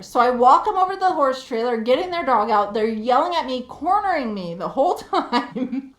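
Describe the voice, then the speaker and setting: A woman streamer telling a story in a heated, profane, animated rant. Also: sits high, a little fast, roomy sound. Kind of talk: casual ranting storytelling.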